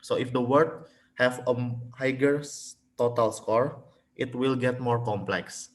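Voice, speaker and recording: A young man with an Indonesian accent giving a student class presentation, halting and restarting mid-word. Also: medium pitch, fairly even intonation. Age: young adult.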